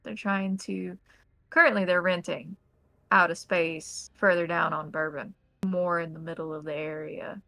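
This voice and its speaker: A woman's voice: on the low side, steady tone, unhurried, vocal fry, bright, forceful tone, dry recording, heavily acted, poor audio. A woman doing a cool, businesslike club owner. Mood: measured. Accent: American. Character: polite, businesslike woman running a nightclub.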